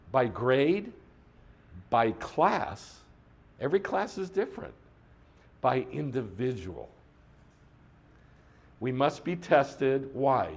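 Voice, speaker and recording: A middle-aged man teaching a sermon in a conversational way, asking the listeners questions and reciting Hebrew prayer lines. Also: mid-range voice. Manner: lively, conversational, asks the room questions. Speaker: congregation teacher.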